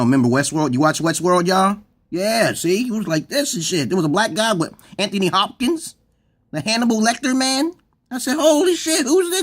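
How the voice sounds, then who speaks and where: Profane, rambling man with a raised voice. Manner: profane, digressive, often breaks into laughter; sudden jumps up into a high excited voice. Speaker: vlogger. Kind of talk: rambling comedic monologue.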